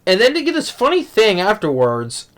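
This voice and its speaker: A man's voice: sits high, huge pitch swings, moderate pace, fairly bright tone. A young man giving a rambling, exasperated movie review rant at home, tripping over his words and restarting often.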